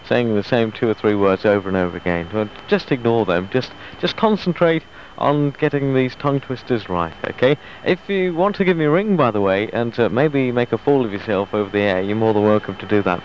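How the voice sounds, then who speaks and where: A man's voice: fairly low pitch, slight background noise. A man hosting a morning radio show, chatting breezily and joking at his own stumbles. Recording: dull lo-fi radio broadcast.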